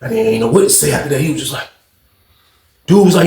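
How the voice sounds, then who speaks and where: Man, casual storytime, high-pitched voice, lively and profane, echoey room. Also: fast talker, creaky, pauses often. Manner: animated, acts out shouted quotes in a raised voice; heavy profanity and slang. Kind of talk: casual storytime about prison.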